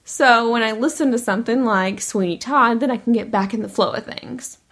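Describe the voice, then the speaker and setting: A woman's voice: fairly high pitch, moderate pace, a bit bright. A woman hosting a podcast in a casual, chatty way, laughing often. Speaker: podcast host. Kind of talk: casual chat.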